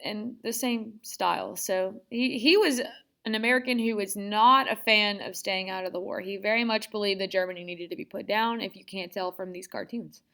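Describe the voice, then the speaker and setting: A woman's voice: medium pitch, moderate pace, creaky, a bit bright. A young woman teaching a casual history lesson, chatty and sarcastic, acting out quotes in playful voices.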